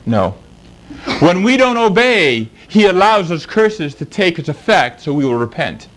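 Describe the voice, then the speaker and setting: A middle-aged man preaching a sermon, reading scripture slowly and then explaining it with animated emphasis. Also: high-pitched, poor audio.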